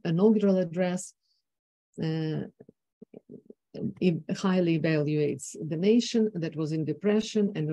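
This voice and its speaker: Slow, mellow-voiced woman with a Ukrainian accent. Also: lowish voice, no echo. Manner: hesitant, many fillers and restarts, quotes speeches in an emphatic voice. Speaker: conference speaker. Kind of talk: academic presentation on speech intonation.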